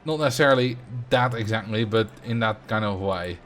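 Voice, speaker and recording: A man's voice: lowish voice, fairly bright tone. Chatty Dutch-accented man streaming a game. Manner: chatty, laughs easily, halting restarts. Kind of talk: casual livestream chat, replying to chat.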